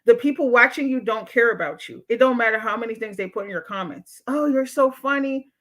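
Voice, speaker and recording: A woman therapist hosts a livestream, reading chat comments aloud and lecturing her viewers with blunt, outspoken, profane language. Her voice is on the high side and fairly bright, and she talks fast.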